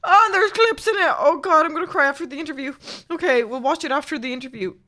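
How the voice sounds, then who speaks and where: A woman's voice: high-pitched, fast talker, sharp tone. A young adult woman live streamer chatting casually with her viewers, exclaiming and talking straight to chat.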